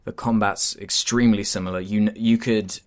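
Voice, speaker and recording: A man's voice: on the low side, steady tone, fairly quick. A man chatting casually in a game review, hesitant with many fillers and restarts.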